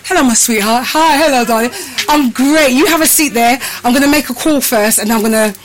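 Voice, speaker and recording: A woman's voice: high-pitched, brisk, a little hiss or hum, low-quality recording. Breathless chatty woman hosting a live stream. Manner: chatty, addresses viewers as people and peeps. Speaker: host. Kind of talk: casual live-stream chat.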